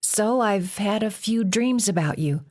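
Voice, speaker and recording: A woman's voice: medium pitch, lively intonation, unhurried, darkish tone, voice pushed up. A woman reading an audiobook, voicing a frightened teenage girl who stammers and gasps. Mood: startled. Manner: breathless, stammering, startled. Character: anxious, trembling teenage girl.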